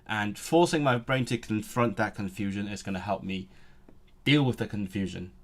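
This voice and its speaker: A man's voice: on the low side, normal speed. A man who runs a language-learning channel, thinking aloud as he studies, free-associating between languages and correcting himself as he goes. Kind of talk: thinking aloud while studying.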